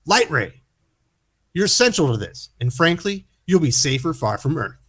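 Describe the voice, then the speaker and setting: A man reading the lines of a commanding male superhero leader aloud in a lively voice, close to his own way of talking. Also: fairly high pitch, measured pace, breathy edge, heavily acted.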